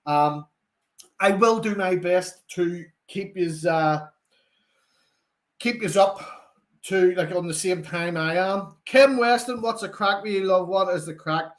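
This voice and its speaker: Young Northern Irish male host, lively fan chat, higher-pitched delivery. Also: takes it slowly. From Northern Ireland. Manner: chatty, animated, reads out viewer comments. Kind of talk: live football watchalong chat.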